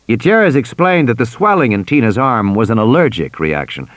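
A man narrating an audiobook in an expressive storytelling manner. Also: mid-range voice, a little fast, hardly any pauses, dry recording. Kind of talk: scripted narration.

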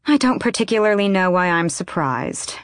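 A woman's voice: on the low side, expressive, normal speed, no room sound, studio quality, voice pushed up, natural voice. A woman reading the part of a cold, defiant young woman assassin with a cutting, sardonic manner. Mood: mocking.

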